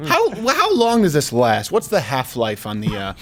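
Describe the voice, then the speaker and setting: A male talk show host in comedic banter, animated and rambling with jokey asides. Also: mid-range voice, moderate pace.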